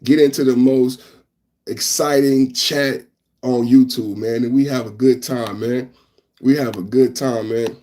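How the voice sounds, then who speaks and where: A man's voice: mid-range voice, steady tone, measured pace, mellow. A man hosting a live news reaction podcast, rambling and talking straight to his chat, repeating phrases and tacking on "man.". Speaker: podcast host.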